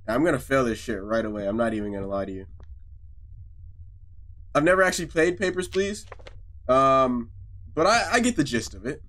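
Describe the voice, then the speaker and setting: A man giving casual gameplay commentary as a video host, profane, joking and excitable. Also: medium pitch, moderate pace, long pauses.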